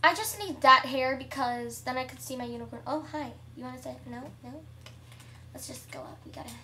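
Excitable high-voiced young gamer girl. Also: moderate pace, distant mic, a little hiss or hum. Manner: excitable, chatty, shrieks at game events. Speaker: gameplay vlogger. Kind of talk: casual gameplay commentary.

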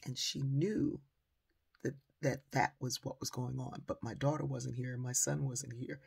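An older woman giving a motivational talk as a storyteller, animated and acting out the voices of the people in her story. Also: rumbling low, a little slow, vocal fry, husky. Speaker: motivational speaker.

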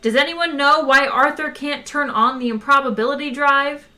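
A woman voicing an exasperated young woman crew member shouting to be heard. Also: high-pitched, steady tone, normal speed, pitched above the performer's own voice. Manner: shouting over noise.

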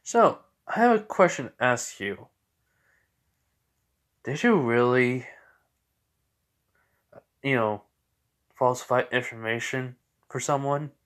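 A man voicing a calm young male hero who speaks flatly and with quiet menace. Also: medium pitch, slow pace, long pauses. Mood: cold.

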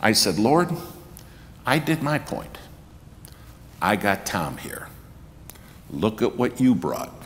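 Animated male preacher in a reverberant hall. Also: fairly low pitch, takes it slowly, pauses often, background noise. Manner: animated storyteller acting out quotes, rising to shouts. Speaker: guest preacher. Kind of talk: storytelling sermon. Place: church sanctuary. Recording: reverberant church hall, faint ambience.

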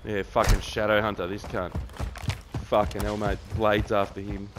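A man's voice: lowish voice, flat delivery, normal speed, noisy background. Trash-talking gamer man over gunfire. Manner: crude, swearing trash talk at opponents. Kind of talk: casual gaming banter. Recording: loud gunfire from the game.

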